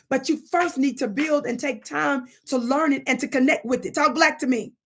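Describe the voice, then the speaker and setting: A woman's voice: high-pitched, moderate pace, hardly any pauses. A woman hosting a spiritual livestream, teaching in an emphatic, preacher-like way, asking her audience rhetorical questions and thanking viewers for their comments. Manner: reads viewer comments aloud and thanks them warmly. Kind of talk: live-streamed spiritual teaching.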